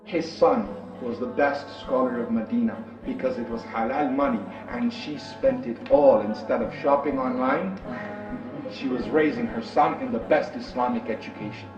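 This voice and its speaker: Male preacher, animated storytelling sermon, dull muffled sound, music playing behind. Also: mid-range voice, moderate pace, reverberant, far from the mic. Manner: animated, acts out the characters.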